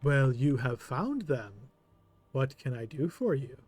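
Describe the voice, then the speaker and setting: A man voicing a guarded woman gatekeeper of a secret order, speaking in a measured, formal way. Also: medium pitch, very animated, darkish tone, voice pushed down. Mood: courteous.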